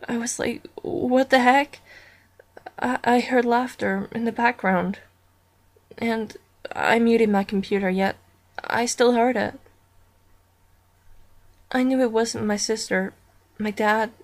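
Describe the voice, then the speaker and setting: Woman narrator for a horror story reading; higher voice, unhurried, deliberate delivery. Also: fairly even intonation.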